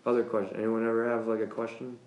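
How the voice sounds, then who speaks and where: A man, a pastor, teaching a church class in a casual, lively way, joking, often chuckling and asking the class questions. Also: on the low side, fast talker, muffled recording. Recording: roomy classroom echo.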